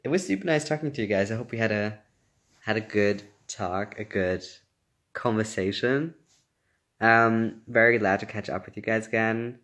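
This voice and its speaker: A young man, and his speaking voice sits a little low. He chats loosely on a phone livestream, reading out fan comments and breaking into laughter often. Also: normal speed, fairly bright tone. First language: German. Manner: laughs often, reads comments aloud, playful. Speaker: actor answering fan questions. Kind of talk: casual livestream chat.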